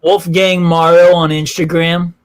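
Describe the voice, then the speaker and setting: A man's voice: fairly high pitch, level tone, unhurried. A man chatting casually as a guest, playful and joking. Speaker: guest musician. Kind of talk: casual chat.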